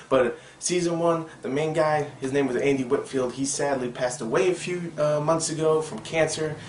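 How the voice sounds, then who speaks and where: Rambling young man reviewing TV in an echoey room. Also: medium pitch. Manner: rambling, excitable, frequent fillers and asides. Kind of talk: casual video review. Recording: echoey room with faint background noise.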